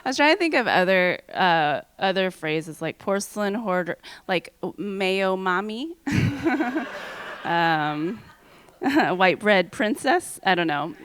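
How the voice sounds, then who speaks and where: A woman's voice: medium pitch, smooth. A woman doing a rambling stand-up comedy set on a theater stage, with lots of filler words, into a handheld mic. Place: theater stage with live audience.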